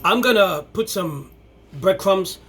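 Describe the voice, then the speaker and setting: A man hosting a casual home cooking video, talking in a rambling, halting way with many restarts. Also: high-pitched, animated, a bit bright, slight background noise. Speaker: cooking show host.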